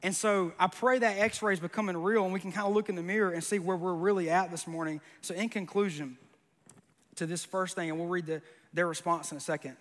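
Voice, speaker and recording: A man's voice: sits high, steady tone, fairly quick, fairly bright tone, big-room sound. A man preaching a sermon, conversational and joking, with bursts of emphasis. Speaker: pastor.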